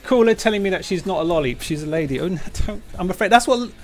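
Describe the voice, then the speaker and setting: A man's voice: high-pitched, expressive, quick pace, faint music behind. Grumbling man streaming a game. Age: middle-aged. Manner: grumbling, self-mocking, slangy. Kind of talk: casual gameplay commentary.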